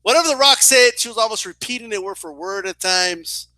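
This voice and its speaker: A young man telling a story in a casual, animated way, swearing and often asking "right?". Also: high voice, a little fast, no room sound. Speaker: boxing and wrestling commentator.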